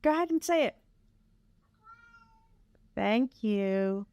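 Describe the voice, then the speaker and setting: A woman's voice: mid-range voice, animated, takes it slowly, darkish tone, faint music behind. A woman coaxing her pet cats in sing-song baby talk. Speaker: cat owner. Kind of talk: coaxing pets.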